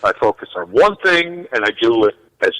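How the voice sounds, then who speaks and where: A man's voice: medium pitch, very animated, fairly quick, a bit bright, long reverb tail, low-quality recording. A man calling in as a musician guest for casual radio chat. He jokes, laughs often and restarts his sentences a lot.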